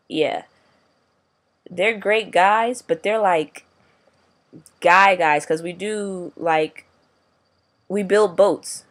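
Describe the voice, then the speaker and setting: A young man vlogging casually, rambling in slangy, profane talk. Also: a little high. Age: young adult. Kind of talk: casual video diary.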